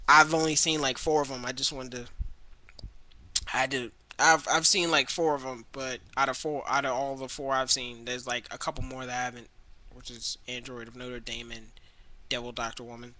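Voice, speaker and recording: Rambling young man with a bright voice. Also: poor audio. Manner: rambling, restarts often, mimics characters in high voices. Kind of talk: casual webcam movie rant. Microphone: webcam mic.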